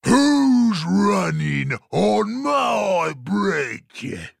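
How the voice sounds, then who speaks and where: A man doing a shouting gravelly storybook troll. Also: high-pitched, big pitch swings, no echo, studio quality, exaggerated voice. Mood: menacing, greedy. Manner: shouting, drawn-out growling delivery. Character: hungry male troll guarding a bridge. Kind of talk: storybook read-aloud acting.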